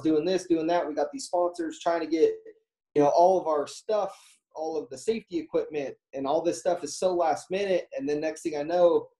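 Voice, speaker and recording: A man's voice: medium pitch, dark tone, poor audio. A man casually telling a story as an interview guest, rambling with lots of fillers and acting out quoted dialogue.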